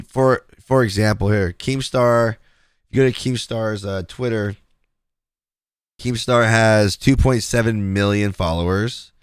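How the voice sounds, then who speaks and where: A man's voice: lowish voice, clean tone, no room sound, studio quality. A man hosting a podcast, talking through online drama in a loose, rambling way. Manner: rambling, many fillers and restarts. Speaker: podcast host. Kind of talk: casual commentary.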